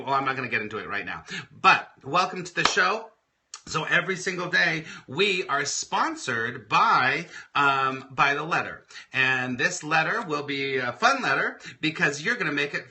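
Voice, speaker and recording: A man's voice: mid-range voice, sharp tone. A man hosting a live morning stream, chatting enthusiastically and reading out viewers' comments with fillers and laughs. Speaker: live morning show host and spiritual coach.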